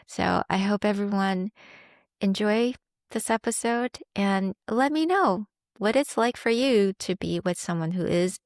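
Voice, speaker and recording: A woman's voice: medium pitch, creaky, dry recording, studio quality. A young adult woman hosting a podcast, talking candidly and reflectively about her own experience, with small laughs along the way. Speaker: podcast host. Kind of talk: candid personal monologue.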